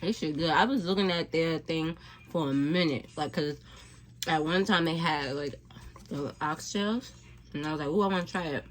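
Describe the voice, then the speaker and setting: A woman's voice: low-pitched, normal speed. A woman vlogger chatting casually to her viewers between bites, rambling and laid-back. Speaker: mukbang vlogger. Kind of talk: casual eating chat to camera.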